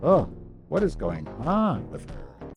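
A man's voice: medium pitch, wildly swooping pitch, slow, highs cut off, over music. Exasperated profane man ranting on stream. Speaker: podcast host. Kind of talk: ranting live stream commentary.

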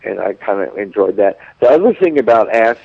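A man's voice: lowish voice, expressive, a little fast, vocal fry, husky, highs cut off. A man telling blunt, graphic stories on a radio talk show. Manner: blunt, graphic, unashamed storytelling.

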